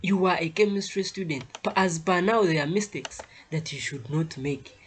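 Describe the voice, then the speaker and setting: A man's voice: fairly high pitch, normal speed, a little hiss or hum. A man teaching a chemistry lesson, stressing key points over and over and tagging his sentences with "eh?" and "okay?", now and then dropping to a near whisper. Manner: emphatic, repeats key points with tag questions like "eh?" and "okay?".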